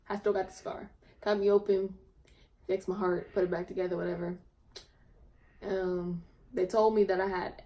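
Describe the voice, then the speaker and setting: A young woman chatting casually about her past, speaking plainly with a halting delivery. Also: lowish voice, dark tone. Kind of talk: casual chat.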